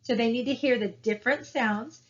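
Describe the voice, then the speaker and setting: A woman with a fairly high voice speaks at normal speed, giving a recorded college lecture in a casual, conversational style. She uses frequent fillers and "right?" tag questions, and the recording is dull and lo-fi.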